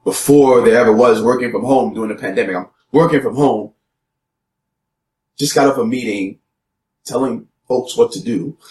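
A man's voice: normal speed, long pauses. A young adult man tells his own story as a testimony talk, earnest and full of fillers and restarts. His voice sits in a middle range and leaps up when he acts out what he said. The sound is roomy and echoing. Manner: earnest storytelling, many repeated words and fillers; acts out his own quoted lines with sharp rises in pitch. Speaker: speaker and youth pastor.

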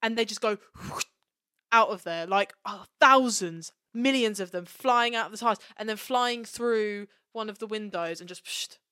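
A young woman with a smooth, clear voice co-hosts a casual podcast chat. She talks playfully and quickly, recorded dry and close. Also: medium pitch, bright, forceful tone, dry recording. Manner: playful, quick, laughs often. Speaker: podcast co-host.

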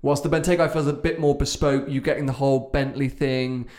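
A man's voice: medium pitch, fairly even intonation, a little fast, a little mellow. A man co-hosting a podcast, trading opinionated, teasing remarks about cars. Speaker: podcast co-host. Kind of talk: casual car chat.

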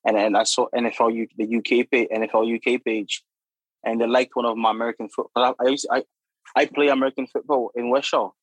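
Podcast guest: young man, mid-pitch, dry close sound, animated storyteller. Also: no echo, poor audio. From Democratic Republic of Congo. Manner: animated, laughing, lots of filler and acted quotes. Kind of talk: casual storytelling.

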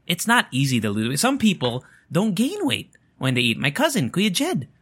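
A man's voice: on the high side, huge pitch swings, moderate pace, fairly bright tone, breathy edge. A man chatting casually to viewers at home, rambling and joking, swearing freely and smoking as he talks. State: smoking while talking. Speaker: vlogger.

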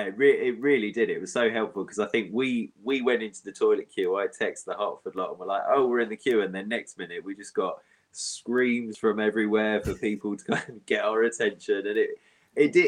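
A man talking in a reflective, easygoing way as a co-host in a casual chat. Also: fairly low pitch.

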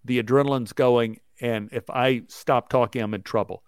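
A man with a smooth, clean voice tells an anecdote at a breathless clip and acts out each line of dialogue as he goes. His voice sits in the middle of the male range. The sound is close and dry, with no room echo. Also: mid-range voice, fairly even intonation. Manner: rapid, breathless storytelling with acted-out quotes. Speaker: actor, guest telling a story. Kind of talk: animated anecdote telling.

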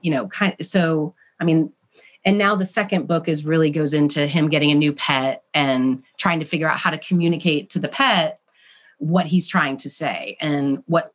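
A woman children's book author, chatting as a guest over a video call and telling stories with lively asides. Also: low voice. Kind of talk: casual interview chat.

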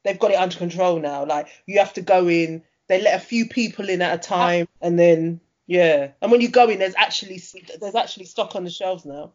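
A woman in a casual chat, incredulous and quick to laugh. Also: lowish voice. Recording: dull lo-fi audio.

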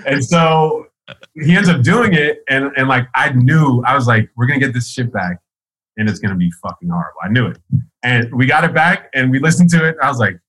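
Husky, forceful-sounding man, rambling and profane, laughs a lot while telling a story. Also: mid-range voice, expressive, brisk, poor audio. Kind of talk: casual storytelling.

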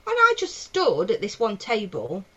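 A woman's voice: medium pitch, normal speed, muffled recording, slight background noise. A woman, a stand-up comedian, telling a story animatedly on a podcast from her back bedroom, with lots of swearing. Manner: animated, acts out quotes, swears freely. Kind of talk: casual storytelling chat.

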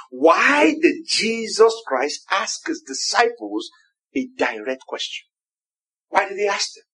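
A man with a Nigerian accent preaching a sermon, firing repeated rhetorical questions and rising to emphatic shouts on key phrases. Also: high voice, slightly rough.

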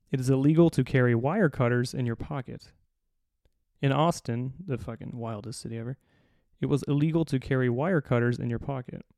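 Male podcast host, gravelly and deadpan-sarcastic, swearing freely while reading a list, recorded dry. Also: mid-range voice, no echo. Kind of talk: solo comedic podcast rant.

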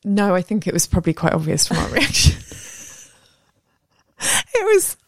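A woman in her thirties co-hosting a podcast, telling stories in a lively, animated way and acting out voices. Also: on the low side, normal speed, no echo, studio quality. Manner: animated storyteller, acts out voices. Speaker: podcast co-host. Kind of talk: casual chat.

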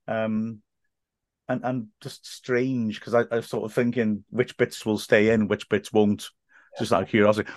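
A man's voice: on the low side, dry recording. Commentator guy rambling through stories on a podcast, dry close sound. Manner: chatty storyteller with many restarts. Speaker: football commentator and guest. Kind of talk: casual podcast chat.

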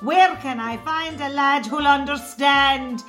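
A woman's voice: high voice, takes it slowly, fairly bright tone, soft background music. A woman playing a blunt, exasperated rural Irish caller with a Cork accent, in a comedy sketch.

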